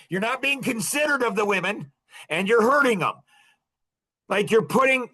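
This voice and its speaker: Man, high-pitched, middle-aged, podcast host, emphatic, repetitive, ranting monologue. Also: lively intonation, normal speed, bright, forceful tone. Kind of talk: impassioned monologue.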